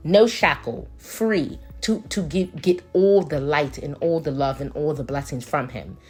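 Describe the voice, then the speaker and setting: A woman with a low, husky voice puts on a British accent while she chats through a nail tutorial. She rambles and preaches a little, with plenty of fillers, over faint music. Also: measured pace, darkish tone. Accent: put-on British. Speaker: nail artist.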